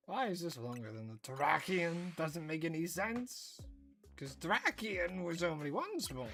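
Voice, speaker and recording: A woman's voice: deep voice, sing-song, moderate pace, sharp tone, soft background music. A woman streaming a game and chatting casually, playful and given to mock-dramatic narration and whispered asides. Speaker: gaming livestreamer.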